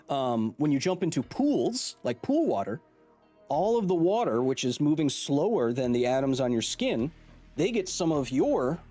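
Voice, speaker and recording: A man's voice: medium pitch, mellow. A man in his thirties hosting a live stream, chatting casually and jokingly and reading out viewer comments. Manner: playful, joking, reads chat aloud. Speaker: host.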